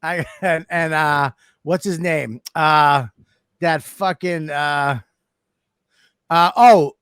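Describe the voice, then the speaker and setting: A man's voice: a little high, very slow, fairly bright tone, smooth, no room sound, studio quality. A man co-hosting a trivia game over a video call, brash, profane and argumentative, joking and accusing others of cheating. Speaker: co-host and contestant. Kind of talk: crude joking banter.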